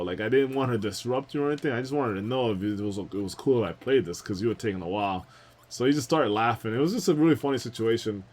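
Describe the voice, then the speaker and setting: This young man streams a game and narrates a wandering story in casual let's-play style, with lots of fillers, asides, and laughter. His voice is mid-range with a darkish tone.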